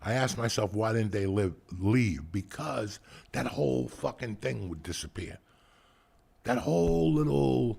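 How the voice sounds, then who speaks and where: A man's voice: medium pitch, measured pace, gravelly, slightly rough. A man from New Jersey hosting a podcast, telling stories in a blunt, profane rant. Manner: animated, blunt, swears heavily, ranting. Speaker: podcast host. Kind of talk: casual profane storytelling.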